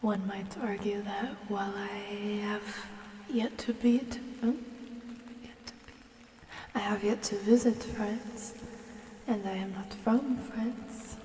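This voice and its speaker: A woman hosts a relaxed ASMR chat stream, drifting between soft speech and whispers as she talks to her viewers. She speaks slowly in a mellow voice. The mic sits a little away from her in a roomy, echoey space with a faint hum of ambience. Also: medium pitch, recorded from a distance. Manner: soft, often whispered, unhurried chatting with viewers.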